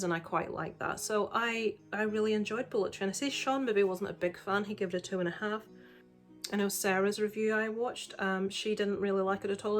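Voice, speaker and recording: Woman, film vlogger, candid chatty delivery, soft music behind. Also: mid-range voice. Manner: chatty, candid, frequent "um" fillers. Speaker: film reviewer. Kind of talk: casual vlog review.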